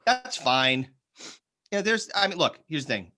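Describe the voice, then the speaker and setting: A man's voice: a little high, lively intonation, unhurried, pushed and bright. A man in his thirties hosts a loose podcast chat, rambling and cursing freely. He jokes around, trips over his words and keeps the talk going. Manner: rambling, profane, jokey, puts on silly voices. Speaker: podcast host. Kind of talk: casual chat.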